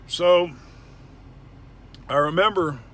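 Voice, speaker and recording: Man, young adult, a bit high-pitched, blunt, profane, personal storytelling. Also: takes it slowly. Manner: blunt, profane, emphatic retelling. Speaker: former indie wrestler.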